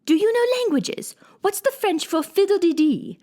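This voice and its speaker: A woman's voice: extremely high pitch, lively intonation, normal speed, warm tone, pitched above the performer's own voice. Woman doing bossy queen, scolding, big swoops in her voice. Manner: emphatic, scolding. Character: bossy stern adult queen, sharp-tongued.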